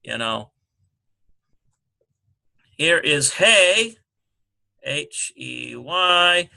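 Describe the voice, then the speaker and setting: A man slowly working through a language exercise, sounding out syllables and spelling letters one by one. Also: a little high, expressive, creaky, pushed and bright. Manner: slow and halting, sounding out syllables. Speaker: Hebrew teacher. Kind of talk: screen-recorded lesson walkthrough.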